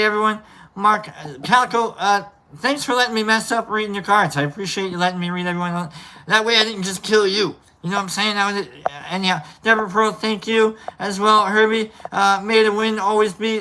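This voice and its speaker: A man hosts his livestream sign-off in a loose, rambling way, cracking jokes and tossing in the odd swear word. His voice is bright and forceful. A faint hum sits under the recording. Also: sits high. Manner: rambling, joking, swears casually. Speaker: livestream host.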